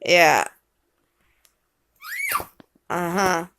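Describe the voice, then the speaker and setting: A mother reading a picture book with her small child, coaxing and gently teasing. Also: fairly low pitch, drawn-out words, gravelly, slight background noise.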